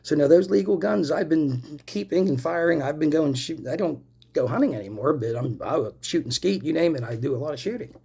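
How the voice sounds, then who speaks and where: A man's voice: a little high, lively intonation, a little fast, creaky, mellow. A man in his forties ranting angrily to camera, swearing often and calling out to viewers as "people" while he smokes. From Pennsylvania, US. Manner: angry and profane, addresses viewers as "people"; smoking while talking. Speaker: vlogger. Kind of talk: angry personal rant to camera.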